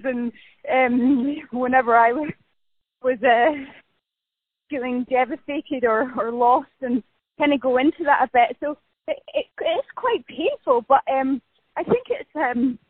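High-voiced woman on a tinny line. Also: dry recording. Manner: bubbly, laughs often, self-deprecating. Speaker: actress being interviewed. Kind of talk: casual remote interview. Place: outdoors walking past a building site. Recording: tinny phone-line audio, dry.

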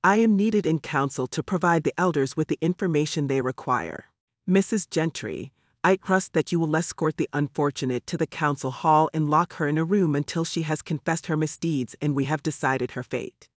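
A man's voice: fairly high pitch, moderate pace, dry recording, clean studio sound, close to an everyday voice. A man reading the part of a stern, self-righteous village woman, accusing and self-important in an audiobook.

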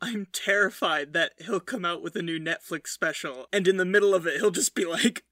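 A man's voice: sits high, a little fast, few pauses, sharp tone. A man co-hosting a podcast, chatting casually with dry, self-deprecating humor. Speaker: podcast co-host. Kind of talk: casual comedic chat.

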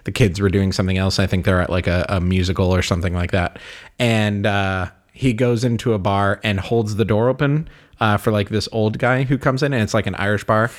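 A young man co-hosting a podcast speaks in a lowish, steady voice at a brisk pace. He tells stories in casual chat, rambling along with lots of "like" fillers.

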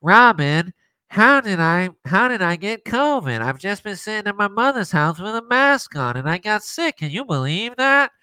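A whiny, self-pitying middle-aged radio host, as a man puts him on in a bright, clear voice, drawing out his words. He complains in an exasperated tone and sounds a little off-mic. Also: high-pitched, big pitch swings, normal speed, no room sound, voice pushed up, heavily acted.

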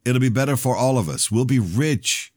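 A man's voice: mid-range voice, lively intonation, normal speed, darkish tone, husky, voice pushed up. A man voicing an eager, pushy male friend with a camera who swears often. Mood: coaxing.

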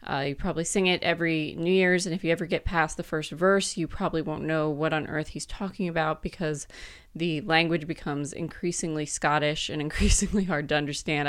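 A woman's voice: sits low, clear, resonant tone. A woman giving a casual, chatty explainer, with frequent fillers and light laughs. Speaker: presenter.

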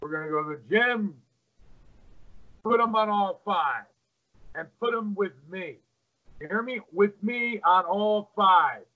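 A man's voice: high-pitched, measured pace, pauses often, phone-quality sound, voice pushed up. A man doing an impression of a blunt, commanding veteran male wrestler who barks short orders. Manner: clipped, bossy orders.

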